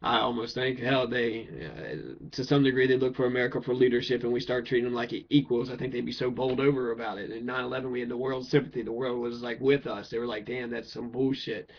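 A man's voice: mid-range voice, level tone, quick pace, hardly any pauses. Heated man ranting, lo-fi. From Kentucky. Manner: blunt, heated, swearing, rhetorical questions. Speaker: political speaker. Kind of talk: profane political rant. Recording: dull lo-fi recording.

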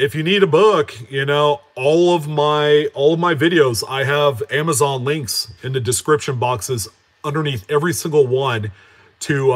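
A man hosting a casual live stream for his coin collecting channel, talking in an easygoing, conversational way. He greets viewers by name, answers their comments, and wanders from point to point, with plenty of fillers and restarts along the way. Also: a little high. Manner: chatty, reads out and answers viewer names; relaxed, with frequent fillers and self-corrections.

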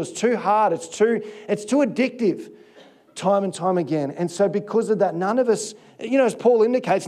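A middle-aged man with a high voice preaches a sermon. He tells stories about himself in a candid, self-deprecating way, often restarting his sentences. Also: mellow. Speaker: pastor.

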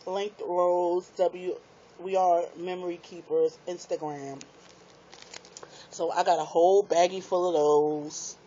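A woman's voice: fairly low pitch, slow, a little hiss or hum. Chatty woman unboxing crafts. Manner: chatty, excitable, laughs at herself. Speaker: craft vlogger. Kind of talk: casual unboxing chat to viewers. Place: small apartment room. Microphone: tablet microphone. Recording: dull lo-fi tablet audio.

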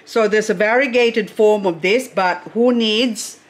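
A woman's voice: medium pitch, measured pace. A middle-aged woman chatting casually as she unboxes succulents, gushing over each plant with chatty asides.

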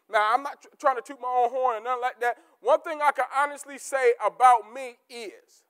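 A man preaching a sermon as pastor, repeating key words for emphasis and swinging between shouted peaks and low, quiet asides. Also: smooth. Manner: rising to shouts, then dropping to low asides.

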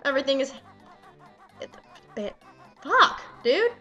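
A young woman swearing and yelling excitedly at the game she plays while commenting. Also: mid-range voice, normal speed, soft background music. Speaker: let's player. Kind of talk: casual gameplay commentary.

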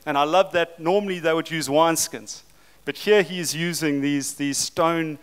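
A man with a South African accent preaching a passionate, excited sermon at a leadership forum, acting out quoted lines with dramatic emphasis. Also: fairly high pitch, normal speed, smooth.

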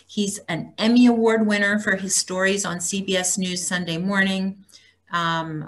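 A woman's voice: mid-range voice, fairly bright tone. A woman hosting a casual book talk for a small group, reading blurbs aloud with wry asides.

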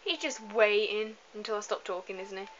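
Rambling casually over a video game, this female gameplay commentator chats away and keeps slipping in apologetic asides. She speaks a little fast in a mid-range, somewhat bright voice. A slightly dull lo-fi home mic adds a faint hiss.

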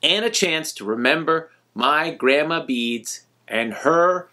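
A man narrates his own vlog with a gentle, nostalgic warmth. His voice is bright and rides an animated, swinging melody. He sounds a touch higher than most men. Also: takes it slowly. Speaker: vlog host. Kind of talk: personal storytelling vlog narration.

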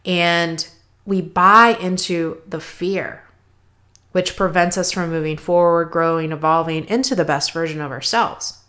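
Female podcast host, lower voice, casual motivational chat, peppers her lines with "right?". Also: steady tone, a little slow, fairly bright tone. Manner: conversational, frequent "right?" tags. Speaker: podcast host, health coach.

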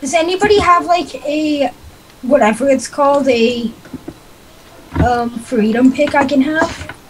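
A young female gamer talks in a high voice, stumbling over her questions. Her mic carries clear background hiss. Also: rough recording. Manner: halting, asks a lot. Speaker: gaming friend. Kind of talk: casual game chat.

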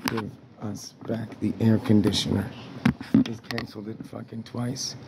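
A man's voice: lowish voice, vocal fry, very noisy. A man ranting in his apartment as a tenant, agitated and heavily profane, restarting and repeating himself. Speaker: tenant vlogger. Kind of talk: angry rambling rant. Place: apartment indoors.

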